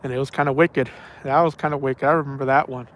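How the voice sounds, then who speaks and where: A man's voice: mid-range voice, fairly even intonation, fast talker, slight background noise. A man telling a story casually outdoors at night. He rambles and repeats himself and drops slang like "man" and "bro". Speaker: angler telling stories on a night fishing trip.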